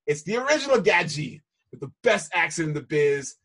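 Husky-voiced male host, playful and hyped, laughs a lot. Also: a little high, big pitch swings, fairly quick, fairly bright tone. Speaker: podcast host. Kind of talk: casual chat.

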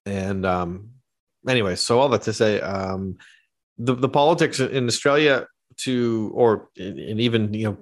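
A Canadian man, a pastor and theologian, talking thoughtfully as an interview guest, with many pauses and ums, over a video call. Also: fairly low pitch. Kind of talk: conversational interview.

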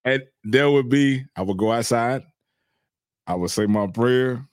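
A man's voice: mid-range voice, measured pace, smooth, dry recording, studio quality. A man, a guest telling loose, laughing anecdotes full of filler words. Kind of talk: casual storytelling.

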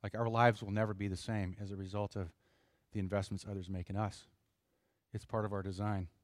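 A middle-aged man preaching a sermon in an earnest, conversational way, pausing for emphasis. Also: on the low side, level tone, no room sound, clean studio sound. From United States. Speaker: pastor.

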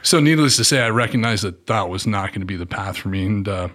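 A man from Southern California, a podcast guest telling his story in a relaxed, slangy way and acting out the dialogue. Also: quick pace. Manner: animated, acts out quoted dialogue with swings in pitch; laid-back slangy talk with frequent fillers. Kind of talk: casual storytelling interview.

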